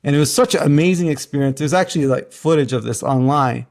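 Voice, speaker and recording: A man's voice: fairly high pitch, fast talker, darkish tone. A man from Canada hosting a casual interview, telling his own stories with enthusiasm. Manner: enthusiastic storytelling. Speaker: podcast host.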